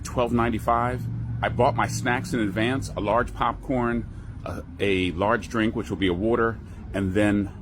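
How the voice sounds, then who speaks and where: A man with a fairly low voice chats to his camera about an outing. He is conversational and throws in asides to the viewer, with a faint hum in the background. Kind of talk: casual chat to camera.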